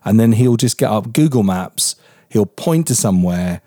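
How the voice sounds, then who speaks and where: Lively laughing English man, mellow voice. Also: lowish voice, moderate pace, no room sound, studio quality. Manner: lively, laughing, swears freely. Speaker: podcast co-host. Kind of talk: casual chat.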